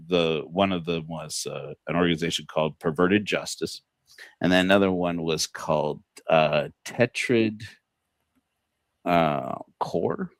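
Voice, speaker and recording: A man with a low-pitched voice talks loosely on a livestream, piling up fillers and false starts and breaking into chuckles. The recording is dry and close, with no room sound around him. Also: dry recording. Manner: rambling, many fillers and restarts, chuckles often; quotes people in put-on voices. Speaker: podcast host. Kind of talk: casual livestream monologue.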